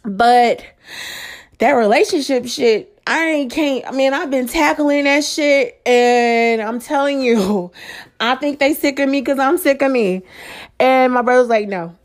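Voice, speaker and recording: Solo podcast host, woman, slightly high pitch; emphatic pep-talk delivery, cusses freely, keeps checking in with listeners. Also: unhurried. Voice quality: slangy, rhetorical questions to listeners. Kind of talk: casual solo podcast monologue.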